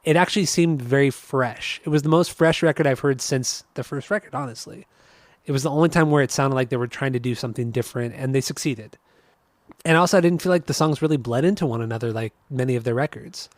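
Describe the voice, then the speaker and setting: A man co-hosting a podcast in casual chat, easygoing and quick to laugh, with many hesitant fillers. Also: mid-range voice, no room sound. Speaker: podcast co-host.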